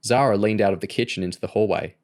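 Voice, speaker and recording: Male audiobook narrator, lowish, steady and even. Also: fast talker. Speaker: audiobook reader.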